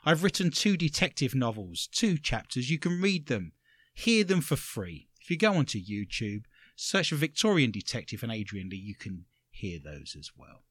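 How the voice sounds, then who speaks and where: A man with an English accent hosting a comedic radio show, telling stories with sarcastic, animated delivery. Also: mid-range voice, moderate pace, slightly rough, no echo, clean studio sound. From England. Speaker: radio host.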